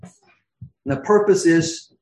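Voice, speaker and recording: A man preaching a sermon in a fervent, swinging delivery, bursting into exclamations and then dropping low to almost a whisper. His voice sits a little high, and the room gives it a noticeable echo. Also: slow pace, a little mellow, a little hiss or hum.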